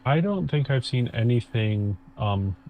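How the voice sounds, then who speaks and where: A man's voice: medium pitch, animated, unhurried, phone-quality sound, a little hiss or hum. A man chatting casually as co-host, in an easygoing, hesitant way with frequent ums. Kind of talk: casual chat.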